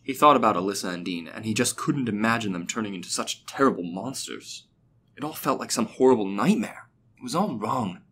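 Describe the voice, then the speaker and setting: A man reading a fictional story aloud as a steady, even narrator. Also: medium pitch, a little hiss or hum.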